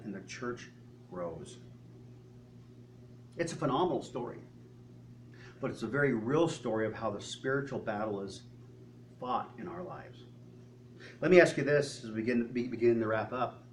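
A man's voice: mid-range voice, lively intonation, moderate pace, pauses often. A male pastor preaching a sermon in an earnest manner, asking the congregation many rhetorical questions. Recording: distant mic with faint hum.

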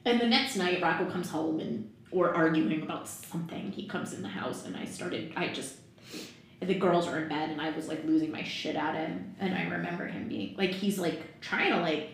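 A woman's voice: lowish voice, normal speed. Woman guest, 30s, frank and profane storyteller, very echoey room with faint background noise. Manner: frank, swears freely, laughs often. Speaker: podcast guest. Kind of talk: candid personal storytelling.

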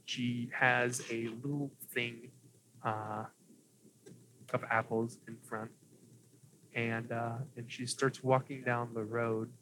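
A man's voice: medium pitch, flat delivery, slow, long pauses, sharp tone, slight background noise, poor audio. A young man narrating as game master of a tabletop game, hesitant and nervous, with many fillers.

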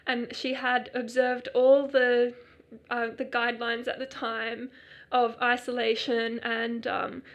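Chatty woman, higher voice. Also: flat delivery, slow, dull audio. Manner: chatty, laughs often, many fillers. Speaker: podcast co-host. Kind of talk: casual podcast chat.

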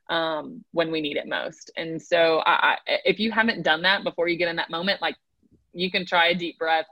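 A woman coach talking in an emphatic, conversational way and tagging her points with "right?". Her voice is bright and a little low-pitched for a woman. It is recorded close and dry. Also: dry recording, low-quality recording. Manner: emphatic, repeats "right?" often. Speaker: mental performance coach guest. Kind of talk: casual podcast conversation.

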